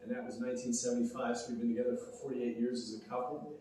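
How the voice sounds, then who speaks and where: An older man in his sixties accepting an award at a banquet, sentimental and full of false starts. His voice sits at an ordinary pitch. It rings through a big echoey hall, picked up from well back. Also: level tone, mellow, recorded from a distance, a little hiss or hum. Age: 60s. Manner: rambling, heartfelt, halting restarts. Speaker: award recipient. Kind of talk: acceptance speech.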